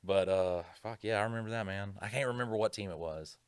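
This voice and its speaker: A man's voice: on the low side, quick pace, clean tone, dry recording. A man co-hosting a podcast, telling rambling, profane stories in casual chat. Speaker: podcast co-host.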